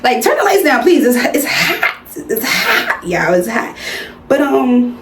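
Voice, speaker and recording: A woman's voice: a little high, very animated, a little slow, a bit bright, a little hiss or hum. Brief: woman, late 20s, chatty vlogger, echoey room. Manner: chatty, playful, talks straight to viewers. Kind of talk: casual chit-chat vlog. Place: indoors under hot lights. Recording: roomy indoor sound with faint music.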